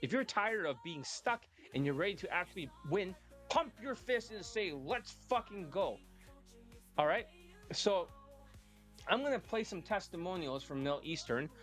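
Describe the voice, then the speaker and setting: A man's voice: fairly high pitch, a bit bright. A man coaching his students live, talking bluntly and swearing often as he lectures. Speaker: dating coach.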